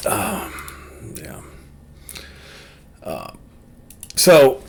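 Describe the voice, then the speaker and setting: A husky man delivers a casual, opinionated rant, circling back on himself with restarts. His voice rises and falls a lot, at a mid pitch for a man. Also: wildly swooping pitch, extremely slow. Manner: blunt, opinionated, rambling with restarts. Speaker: vlogger. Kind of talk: casual ranting monologue.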